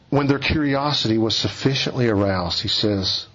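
A man with a mid-range voice preaches an expository sermon, teaching in a measured, earnest way and often dropping soft for emphasis. The audio is dull.

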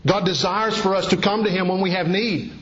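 A man preaching a sermon with a slightly high voice. He exhorts earnestly, sinking low and then climbing to emphatic peaks. The recording is dull and lo-fi. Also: steady tone, fairly quick, fairly bright tone.

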